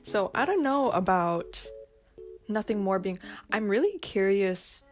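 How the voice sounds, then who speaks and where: A woman's voice: medium pitch, big pitch swings, a little slow, soft background music. A woman casually reading folk tales aloud on her video, breaking off for giggly, playful asides. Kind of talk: casual read-aloud with chat.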